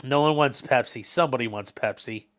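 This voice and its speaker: A man's voice: mid-range voice, brisk, a bit bright. A man hosting a livestream, rambling and joking as he reacts to the chat. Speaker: livestream host reading chat. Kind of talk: casual stream chat.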